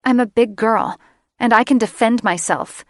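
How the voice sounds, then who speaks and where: A woman's voice: mid-range voice, expressive, a little slow, no room sound, clean studio sound. A woman playing a feisty young witch. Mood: defiant. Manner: defiant and sharp-tongued.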